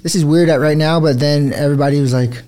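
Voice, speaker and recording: A man's voice: on the high side, fairly even intonation, fast talker, crowd noise. A man who is a guest on a podcast, chatting in a laid-back, easygoing way. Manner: laid-back and easygoing, says "stoked" and "sweet". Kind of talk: casual podcast chat.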